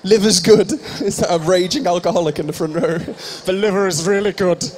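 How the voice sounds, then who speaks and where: High-voiced man bantering with a crowd. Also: moderate pace, darkish tone, a little hiss or hum. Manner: playful, teasing, joking with the audience. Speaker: stage host at a live fan convention. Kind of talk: improvised comic crowd banter.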